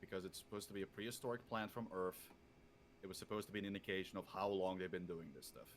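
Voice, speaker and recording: Man podcast co-host, fast-talking, very low voice, explanatory. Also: fairly even intonation, slight background noise. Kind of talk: casual movie review chat.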